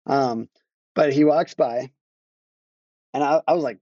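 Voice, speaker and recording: A marketing agency owner, guesting on a podcast, talks casually in an unhurried, medium-pitched, mellow voice over dull audio with no echo. He rambles, interrupts himself, and laughs while telling a story.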